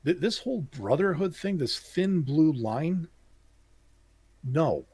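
A man with a husky, breathy voice, recorded dry and close. He co-hosts a casual podcast chat, emphatic and opinionated, and he restarts his sentences a lot. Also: a little high, lively intonation, slow pace, dark tone, no room sound. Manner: opinionated, emphatic, stumbles over his words. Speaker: podcast co-host.

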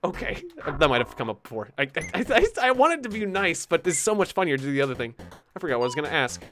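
A woman's voice: deep voice, big pitch swings, fast talker, background noise. A woman hosting a let's play, giving casual, giggly commentary and reading game text aloud.

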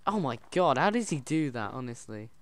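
A man giving casual, excitable commentary while playing a game, chatting to his in-game pet wolf. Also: mid-range voice, moderate pace. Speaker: gaming channel host. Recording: loud background noise.

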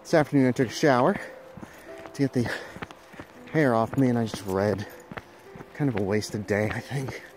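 A man's voice: mid-range voice, normal speed, long pauses, darkish tone, a little hiss or hum. Chatty man vlogging his daily life. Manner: chatty, talks fondly to his dogs. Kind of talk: casual daily vlog narration.

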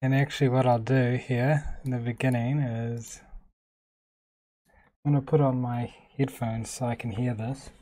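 A man talking casually while demonstrating software on his computer, thinking aloud in a relaxed, chatty way. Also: medium pitch, unhurried. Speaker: tech vlogger. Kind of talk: casual screen-recorded tech demo.

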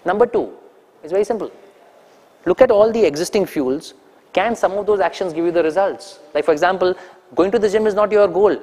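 A man with an Indian English accent giving an animated, teasing training talk to an audience, throwing questions at them. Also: sits high, a little fast, in a large hall. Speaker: corporate trainer.

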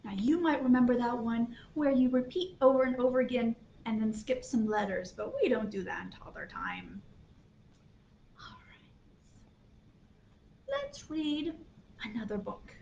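A children's librarian leading a toddler storytime, talking in an animated sing-song way with gasps of delight. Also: female voice, on the high side, unhurried, pauses often, reverberant, dull audio, a little hiss or hum. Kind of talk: toddler storytime with songs and picture books. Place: library program room.

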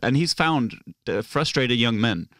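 A man's voice: mid-range voice, expressive, a little slow, fairly bright tone, no room sound, studio quality. A man from Norway, a stand-up comic guesting on a podcast, talking in a laid-back, wry way. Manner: laid-back, wry, laughing at his own jokes. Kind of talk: casual conversation.

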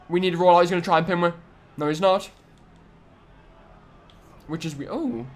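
Excitable young man commentating a game. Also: high-pitched, normal speed, pauses often, a little hiss or hum. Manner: excitable, trash-talking the opponent, sudden loud outbursts. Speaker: gaming YouTuber. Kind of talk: let's-play commentary.

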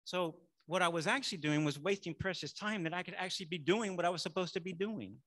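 Speaking fast in a voice that sits high, a middle-aged minister preaches conversationally. He drops in "y'all" and works his way up to loud affirmations.

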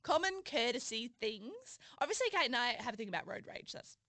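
Young woman, podcast co-host, sarcastic banter, high lively voice, dry sound. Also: no room sound. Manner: quick sarcastic quips, swearing. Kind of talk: casual banter.

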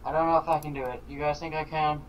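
A man playing a game with a friend, jumpy and quick to yelp in panic. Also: fairly high pitch, little pitch movement, a little hiss or hum, low-quality recording. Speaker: co-player. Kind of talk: casual gaming chat.

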